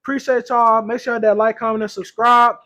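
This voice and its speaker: A man's voice: extremely high pitch, little pitch movement, a little fast, bright, forceful tone. A young man, co-hosting a casual podcast and telling slangy stories with frequent laughs. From Louisiana or Texas, US South. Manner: slangy storytelling, laughs often. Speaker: podcast co-host.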